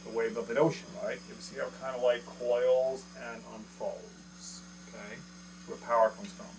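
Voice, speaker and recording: A man gives a casual drum lesson at an electronic kit, recorded on a camera mic. He counts beats aloud and keeps asking "okay?" to check in. A clear electrical hum and some instrument sounds sit behind his voice. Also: mid-range voice, flat delivery, moderate pace. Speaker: drum teacher.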